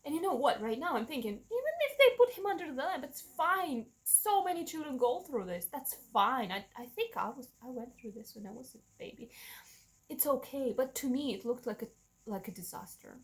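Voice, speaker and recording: A woman with a fairly high voice tells her own story straight to the camera. She speaks openly and with feeling, often breaking off and restarting her sentences. Now and then she acts out what other people said to her. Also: big pitch swings, brisk, low-quality recording. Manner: emotional and frank, with many restarts and self-corrections. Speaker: vlogger sharing a personal story. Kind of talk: candid personal storytelling.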